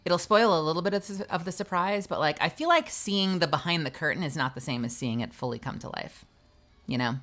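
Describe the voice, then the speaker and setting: Low-voiced, rambling streamer woman. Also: animated, a little fast, a bit bright. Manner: rambling, joking, self-mocking. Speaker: streamer and voice actor. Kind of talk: casual live-stream chat.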